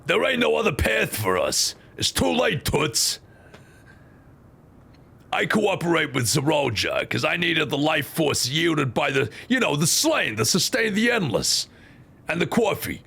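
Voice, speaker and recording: A man putting on a defiant, streetwise robot queen who talks tough, her voice high, slow and heavily gravelly as it swings up and down. She swears freely and leans on slang. Game music plays faintly behind. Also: sing-song, bright, forceful tone, heavily acted. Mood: weary. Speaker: streamer voicing a game. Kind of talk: comedic voice-over of a video game.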